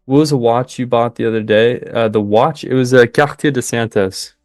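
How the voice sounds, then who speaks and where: A young man hosting a live trading stream, chatting with viewers and cheering the market on in excited bursts. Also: medium pitch, normal speed, no echo, studio quality, soft background music. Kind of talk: live trading commentary with chat.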